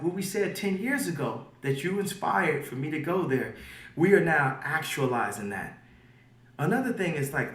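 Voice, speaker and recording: Emphatic high-voiced man, roomy and distant. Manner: emphatic, swings from quiet to loud. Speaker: interview guest. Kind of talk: animated interview talk. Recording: roomy audio from far off.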